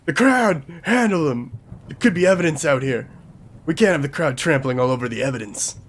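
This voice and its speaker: Brief: commanding shouting officer, put on by a man, high and loud. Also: expressive, brisk. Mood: bossy. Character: loud bossy police officer shouting over rain.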